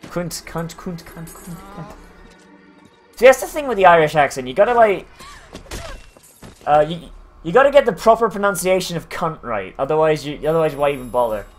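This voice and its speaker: High-voiced man chatting crudely. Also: very animated, brisk, faint music behind. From United Kingdom. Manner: rambling, crude, joking. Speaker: game streamer. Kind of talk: casual game commentary.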